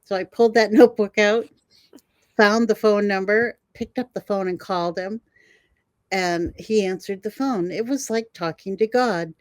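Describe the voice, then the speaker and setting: An older woman, a guest herbalist, telling animated stories in an interview and laughing often. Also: mid-range voice, normal speed, no echo. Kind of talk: storytelling in an interview.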